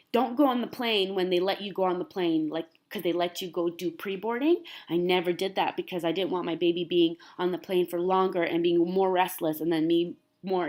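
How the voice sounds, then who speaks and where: A young woman vlogger from Canada chatting casually to camera, rambling and animated, full of "like". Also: on the low side.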